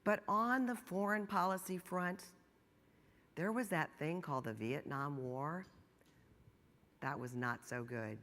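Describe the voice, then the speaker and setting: A middle-aged woman giving a keynote speech, telling stories with animated, rising emphasis. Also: low voice, a little slow, long pauses. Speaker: keynote speaker. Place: large conference hall. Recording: long hall reverb.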